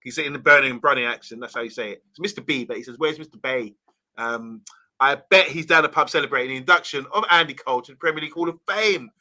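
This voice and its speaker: Casting: male co-host, very bright sound, chatty and friendly with viewers, casual football banter. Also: on the high side, very fast, hardly any pauses. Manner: chatty, greets viewers by name. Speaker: livestream co-host reading comments.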